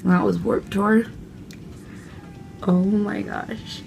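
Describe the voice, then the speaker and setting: A young woman vlogger excitedly telling a casual story, gushing and full of fillers. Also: medium pitch, takes it slowly, creaky, a little hiss or hum.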